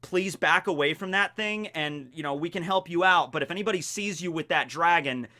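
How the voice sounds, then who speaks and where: A man voicing an earnest young woman witch who pleads calmly and reasonably. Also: fairly low pitch, brisk. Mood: earnest pleading.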